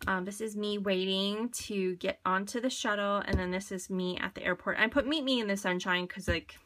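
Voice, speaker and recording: A woman talks through her craft pages in a relaxed, chatty way, drifting between asides and small fillers. Her voice is bright and forward, sitting at an everyday middle pitch for a woman. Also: normal speed. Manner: chatty, rambling, many fillers. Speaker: scrapbooking vlogger. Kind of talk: casual show-and-tell chat.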